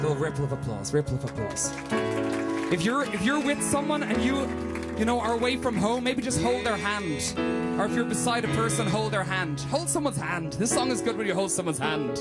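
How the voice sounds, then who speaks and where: Teasing man hosting a live studio set. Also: high voice. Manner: quick, teasing, self-mocking. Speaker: comedy rapper host. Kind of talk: joking live studio banter. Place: radio studio with audience.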